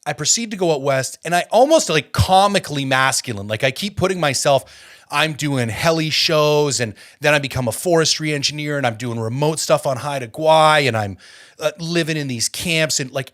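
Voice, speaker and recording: Animated man telling a story on a podcast. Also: a little high, normal speed. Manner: animated, gets fired up, many "like" fillers. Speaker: podcast host. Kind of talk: casual conversational storytelling.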